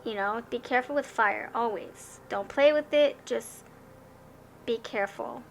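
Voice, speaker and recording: A woman's voice: on the high side, unhurried, creaky, a little hiss or hum. A young woman giving a casual tarot card reading, chatty and rambling, who often stammers and restarts her sentences.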